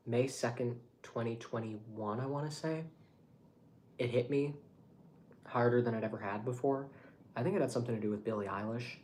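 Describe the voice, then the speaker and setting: A man's voice: mid-range voice, slight background noise. Rambling, swearing young man. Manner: rambling, animated, swears freely. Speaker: vlogger. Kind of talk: casual monologue to camera.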